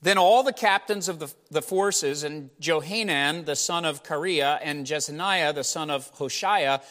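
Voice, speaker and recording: A man preaching a sermon as pastor, retelling a scripture story with animated voicing of the people in it. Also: fairly high pitch, measured pace. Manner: animated, rising loud when voicing the people. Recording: hall reverb.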